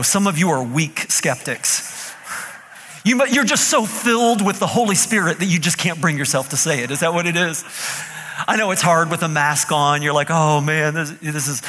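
A male pastor preaching a sermon to a live congregation in a playful, animated way that draws the listeners in. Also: on the high side, fairly quick, in a large hall.

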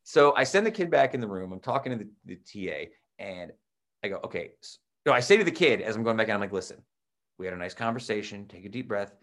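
His voice sits lowish and he talks fast: a young man, teacher and podcast co-host, swapping stories in casual chat. He's animated, acting out quotes loudly and with relish.

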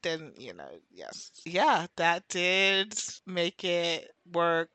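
Animated woman recapping TV, bright voice. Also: lowish voice, dry recording. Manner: animated, tangents, quick asides, laughs often. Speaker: podcast co-host. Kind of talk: casual TV recap chat.

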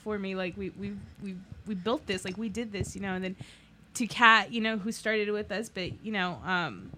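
A young woman in her twenties, a podcast co-host, talking in a halting, tearful way, laughing through tears as her voice breaks. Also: medium pitch, bright, forceful tone, slight background noise. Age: 20s. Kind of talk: emotional casual chat.

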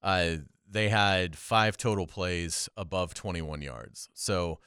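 Deep smooth-voiced male football analyst. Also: slow pace, bright, forceful tone, dry recording, clean studio sound. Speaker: sports show co-host. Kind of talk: casual sports analysis.

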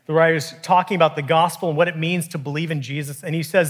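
A man, preaching a sermon in a conversational, animated way with frequent restarts. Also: on the high side, fast talker, few pauses. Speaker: pastor.

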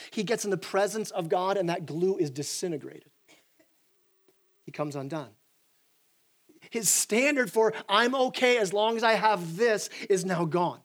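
A young man, a pastor, preaching a sermon in an animated way, with frequent restarts and acted-out quotes. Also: high-pitched.

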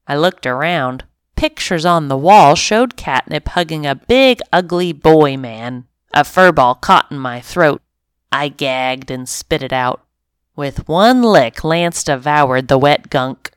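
A woman narrating a family pet storybook in an expressive, animated first-person reading. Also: deep voice, slow, clear, resonant tone, dry recording, studio quality. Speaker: story reader.

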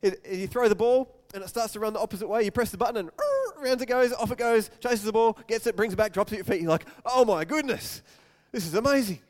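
A man preaching a sermon, telling an animated story and acting out the voices in it. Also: sits high, fast, few pauses. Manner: animated, acts out scenes with quoted voices.

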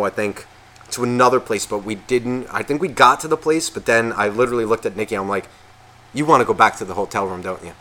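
A man co-hosting a podcast, telling a rambling story in casual chat and swearing constantly. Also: fairly low pitch. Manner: heavy swearing, rambling and animated. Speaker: podcast co-host.

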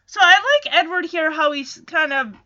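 A woman's voice: extremely high pitch, lively intonation, a little slow, sharp tone, lo-fi sound. A woman hosting a casual recap, retelling a TV episode with chatty asides, tangents and self-corrections. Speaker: podcast host recapping a TV episode.

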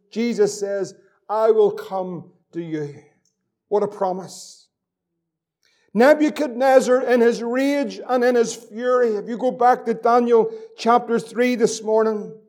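A man's voice: extremely high pitch, darkish tone. A man preaching a fervent sermon as pastor, repeating phrases and reading scripture aloud.

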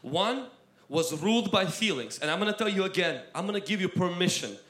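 Impassioned high-voiced male preacher, echoey room. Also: lively intonation, a little fast. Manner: impassioned, swings between loud exhortation and quiet asides. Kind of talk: sermon. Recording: roomy echo.

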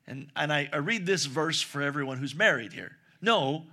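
A male pastor delivers a sermon in a church. His voice sits high and rings bright and clear. He hammers home his points by repeating them again and again. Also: lively intonation, normal speed, few pauses. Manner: preaching with emphatic repetition.

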